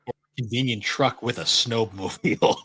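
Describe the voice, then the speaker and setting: A man's voice: medium pitch, moderate pace, a bit bright, breathy edge, no echo. A man co-hosting a podcast in casual chat, rambling with many fillers and frequent laughs. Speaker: podcast co-host.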